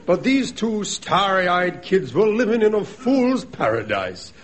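A man's voice: high-pitched, very animated, measured pace. A man narrating a comedy sketch and playing the girl's father, hammy and mock-dramatic.

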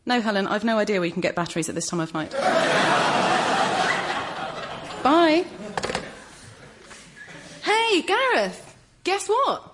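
Middle-aged woman, slightly high and very lively in pitch; a talkative, over-careful friend who sounds wordy and formal. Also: normal speed, background noise. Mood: flustered. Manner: talkative, formal phrasing, nervous laughs. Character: earnest, chatty, wordy woman, over-careful with her words. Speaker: sitcom character looking after a friend's teenage son. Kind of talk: scripted sitcom acting.

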